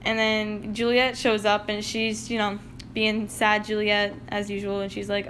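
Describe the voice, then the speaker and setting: A woman's voice: medium pitch, monotone, unhurried, fairly bright tone, a little hiss or hum. A young woman casually retelling a play in slangy, laid-back words. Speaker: narrator.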